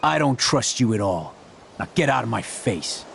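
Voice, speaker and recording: A volatile, menacing game tough. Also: male voice, medium pitch, very animated, normal speed, gravelly, slight background noise, full character voice. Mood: threatening. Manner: menacing, erupts into shouting. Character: volatile, suspicious adult male drug dealer. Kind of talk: video game voice acting.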